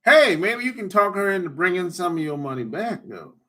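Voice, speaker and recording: A man's voice: sits high, very animated, fairly quick, bright, forceful tone. A man hosting a casual livestream, teasing callers in loose slang and laughing often. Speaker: livestream host talking with callers. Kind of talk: casual chat.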